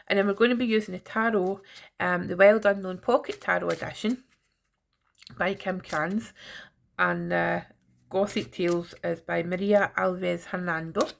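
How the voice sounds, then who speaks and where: A woman's voice: fairly low pitch, fairly even intonation, normal speed, creaky, a little hiss or hum. A middle-aged woman giving a chatty, teasing tarot reading straight to her viewers. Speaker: tarot reader. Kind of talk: casual tarot reading to camera.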